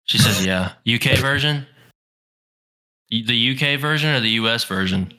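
A man's voice: mid-range voice, moderate pace, bright, forceful tone. A young man co-hosting a casual podcast, blunt and dry, swearing freely. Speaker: podcast co-host. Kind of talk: casual chat.

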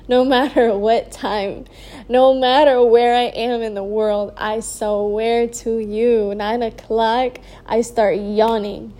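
A sleepy young woman tells a personal story in a slow, unhurried way. Her voice sits a little high, and her talk is loose and full of "like", drifting into soft trailing asides. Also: steady tone. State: sleepy, yawning. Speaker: vlogger sharing a personal story. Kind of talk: casual storytelling.

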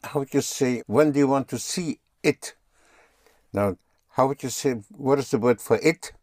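A man's voice: mid-range voice, normal speed, a little mellow, dry recording, studio quality. A man teaching German in a patient one-on-one lesson, often spelling words out letter by letter.

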